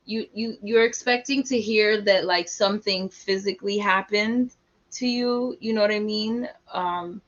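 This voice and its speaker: A woman hosting an online open mic and chatting warmly with a performer over a video call. She is enthusiastic and chatty, with lots of fillers. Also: medium pitch, measured pace, highs cut off. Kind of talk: casual chat.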